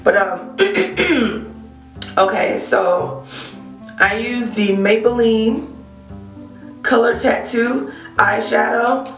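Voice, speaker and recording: A woman hair care vlogger reviews a product casually while nursing a cold, her fairly high voice scratchy as she speaks very slowly, pausing often and using many ums while addressing viewers. She sits far from the mic in a roomy room, with faint guitar playing underneath.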